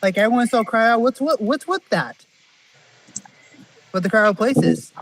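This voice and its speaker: High-voiced man repeating his questions. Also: expressive, a little slow, vocal fry, no room sound, low-quality recording. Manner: repetitive, circling back to his question. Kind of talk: casual chat.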